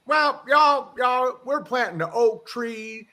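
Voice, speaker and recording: A man's voice: extremely high pitch, animated, takes it slowly, sharp tone, voice pushed up, exaggerated voice. A man voicing a cheerful elderly Southern good old boy with a friendly, folksy drawl. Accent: Southern US drawl, put on.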